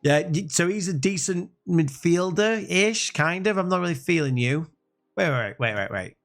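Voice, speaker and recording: Young gaming commentator, high and animated, rambling and jokey. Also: male voice, moderate pace, vocal fry, faint music behind. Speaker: gaming YouTuber. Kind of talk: let's-play commentary.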